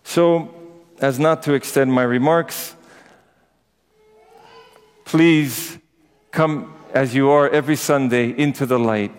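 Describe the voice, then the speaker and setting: A man's voice: mid-range voice, fairly even intonation, takes it slowly, pauses often, smooth. A priest giving a conversational sermon to his congregation, with personal asides. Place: church. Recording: echoey church with long reverb.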